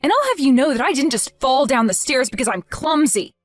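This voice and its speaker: A woman's voice: high voice, very animated, fairly quick, dry recording, soft background music. A woman playing a grieving, indignant young wife in a voiced text-message drama, emotional and accusing.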